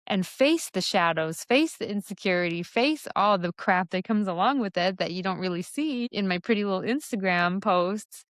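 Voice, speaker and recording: A woman's voice: medium pitch, fairly bright tone, no echo, studio quality. A young adult woman hosting a solo podcast, talking candidly about her coaching work in a loose, conversational way with lots of fillers. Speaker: podcast host and somatic embodiment coach. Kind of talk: reflective solo podcast monologue.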